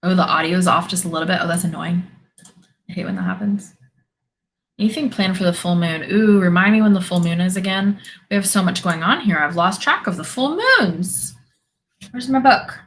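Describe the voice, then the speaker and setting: Hosting a spiritual live stream, this woman chats easily with viewers, responding to their questions and comments and laughing frequently. She speaks a little fast in a fairly low, somewhat bright voice, and the audio is poor.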